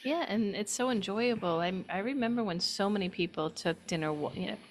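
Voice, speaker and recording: A woman's voice: medium pitch, a little fast, a little hiss or hum. A woman with a New York accent, from New York, hosting a nutrition show and chatting with her guest in an enthusiastic, playful way. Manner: enthusiastic, praising, playful teasing. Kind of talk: casual health chat.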